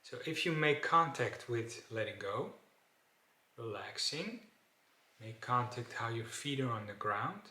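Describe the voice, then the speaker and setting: A man with coaches an emergency breathing exercise, talking very slowly and pausing often. His voice is bright and forward. The room around him is echoey. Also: medium pitch, expressive. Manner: slow, repetitive, with frequent "okay" and restarts. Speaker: breathing instructor. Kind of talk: instructional talk to camera.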